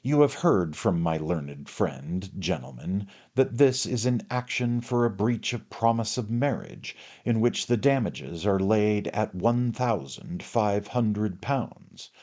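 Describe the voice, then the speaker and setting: Man reading a pompous older barrister, oratorical, grand, low voice, storybook. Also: expressive, takes it slowly, hardly any pauses, darkish tone. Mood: pompous oratory. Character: pompous, theatrical older male barrister addressing a jury.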